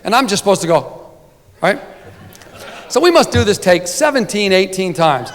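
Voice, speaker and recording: A man's voice: sits high, big pitch swings, normal speed. A man giving a humorous award speech as a sportswriter, telling a rambling comic story full of "right?" asides at a banquet podium. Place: banquet hall. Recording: long banquet-hall reverb.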